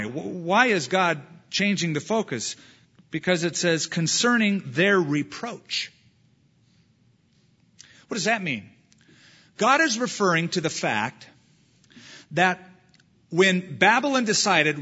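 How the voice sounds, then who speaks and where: A man's voice: fairly high pitch, bright, forceful tone, breathy edge, highs cut off. A man pastor preaching a sermon, reading scripture aloud with emphatic delivery.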